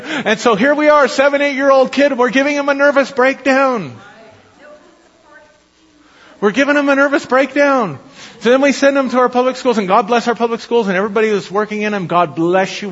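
Middle-aged male pastor, husky and high-pitched, lively storyteller who laughs and stumbles over repeats; dull lo-fi church recording. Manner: animated storytelling, laughs often, repeats words. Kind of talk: sermon. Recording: dull lo-fi audio with long hall reverb.

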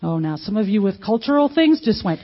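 A woman's voice: medium pitch, sing-song, brisk. Conversational woman preaching, dull audio. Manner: conversational, asks the audience questions, acts out quotes. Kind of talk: sermon.

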